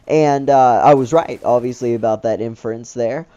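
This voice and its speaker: A man spins a childhood story in a loose, rambling way while commenting on a game. His voice is mellow and dark, and the home mic sounds dull and lo-fi. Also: medium pitch, moderate pace. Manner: rambling, loose, filler-heavy talk. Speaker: gaming channel host. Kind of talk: casual storytelling over gameplay commentary.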